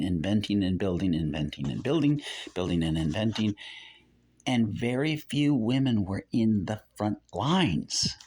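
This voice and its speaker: A man's voice: mid-range voice, darkish tone, husky. An older man giving rambling religious teaching. He repeats phrases and keeps correcting himself.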